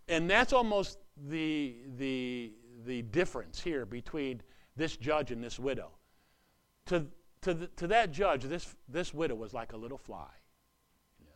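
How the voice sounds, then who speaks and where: A man preaching a sermon in an earnest, repetitive way, swinging between loud urgent lines and hushed asides. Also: medium pitch. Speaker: pastor.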